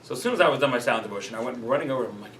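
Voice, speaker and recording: A man's voice: mid-range voice, animated, very fast, a bit bright, a little hiss or hum. A man, a rabbi, teaching a class in a casual, chatty storytelling way, full of "like" and "you know". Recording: roomy echo, mic at a distance.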